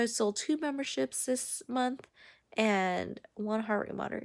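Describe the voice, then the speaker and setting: Gravelly, blunt woman vlogging. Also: fairly high pitch, moderate pace. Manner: blunt, rambling, swears freely. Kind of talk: casual personal vlog update. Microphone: handheld camera at arm's length.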